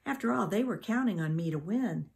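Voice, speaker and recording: A woman teacher reading a children's storybook aloud in an unhurried, expressive way. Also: medium pitch, gravelly.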